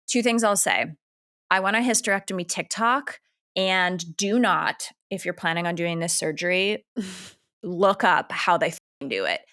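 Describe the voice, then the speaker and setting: This podcast co-host, a woman in her thirties with a Canadian accent, talks at an ordinary pace in a medium pitch with a slightly bright tone. Her casual conversation wanders candidly and is packed with fillers.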